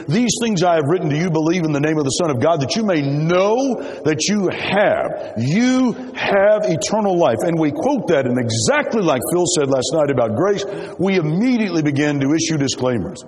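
A man's voice: a little high, darkish tone, a little hiss or hum. A man preaching a sermon, emphatic and rhetorical, quoting scripture and asking the congregation questions. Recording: long hall reverb.

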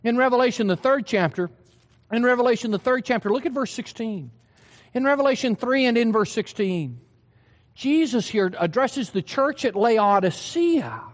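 High-pitched guy preaching, punchy and emphatic, keeps asking the crowd questions. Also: expressive, moderate pace, in a large hall. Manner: emphatic, asks the hearers questions. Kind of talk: sermon.

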